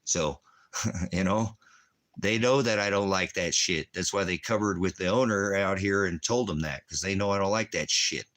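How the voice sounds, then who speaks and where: A man's voice: low-pitched, normal speed, fairly bright tone. A man, a military veteran, delivering an angry, profane, rambling rant. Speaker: veteran ranting.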